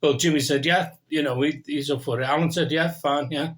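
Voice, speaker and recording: A man, a band member, telling a tour story in an unhurried way and acting out the conversation. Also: fairly high pitch, steady tone. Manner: plain, unhurried, acts out the dialogue. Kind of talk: anecdote telling.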